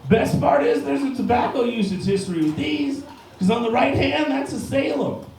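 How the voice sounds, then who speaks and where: Loud, crude stand-up man in an echoey bar. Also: extremely high pitch, moderate pace, creaky, a little hiss or hum. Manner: crude, punchy, often shouting punchlines. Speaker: stand-up comedian. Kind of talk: stand-up set. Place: bar stage before a live crowd. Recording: distant mic with heavy bar room echo.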